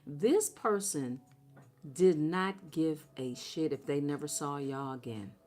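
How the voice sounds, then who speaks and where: A woman's voice: low-pitched, slow pace, darkish tone, faint music behind. A woman giving a blunt, profane tarot reading, talking straight to her viewers with heavy emphasis. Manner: talks straight to her audience. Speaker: tarot reader.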